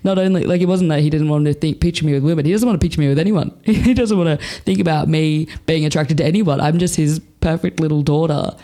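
A young Australian woman chats openly as an interview guest, swearing freely and leaning on fillers. Her voice is mellow and dark with a gravelly rasp at the ends of phrases. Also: low voice, fast, few pauses. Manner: frank and swears freely, laughs a lot, chatty with many fillers. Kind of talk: casual candid chat.

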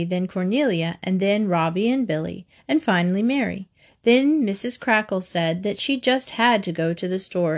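A woman narrating a children's storybook in a steady, gentle storytelling manner. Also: medium pitch.

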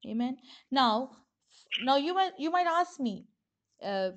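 A woman's voice: fairly high pitch, moderate pace. A woman pastor giving an earnest podcast sermon, stressing key phrases and often repeating words as she goes. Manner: earnest preaching, rising emphasis on key phrases; restarts and repeats words while speaking.

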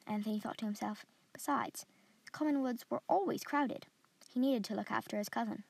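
A woman reading a story aloud in a steady, descriptive way as a podcast host. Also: medium pitch, fairly quick, gravelly, no echo. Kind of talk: scripted story narration.

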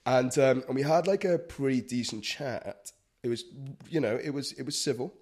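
A man's voice: mid-range voice, normal speed. A man, a freelance broadcast journalist, telling stories in casual podcast chat, acting out quotes with lots of fillers and swearing. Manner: animated storytelling, acts out quotes, swears, many fillers.

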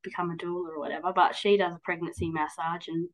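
A fast-talking woman in her 30s with a lowish voice and little pitch movement, captured on a low-quality recording. She's a podcast guest in a relaxed interview, speaking candidly and going on at length. She rambles, with frequent "like" and "um."

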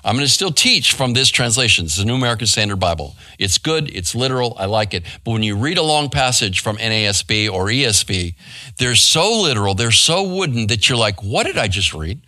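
A man's voice: mid-range voice, animated, brisk, bright, forceful tone, no room sound. A middle-aged man and pastor, giving a casual Bible study with many fillers and asides to the room. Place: church hall.

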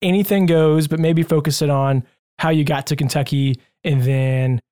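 Upbeat, higher-voiced male podcast host. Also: steady tone, moderate pace, mellow. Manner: upbeat, enthusiastic, chatty. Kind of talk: casual podcast interview.

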